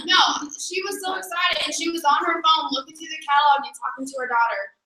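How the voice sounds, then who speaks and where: A woman's voice: sits high, steady tone, quick pace. A woman telling a casual, giggly story at a team meeting. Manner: giggly, chatty. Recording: echoey room with a crowd, mic far off.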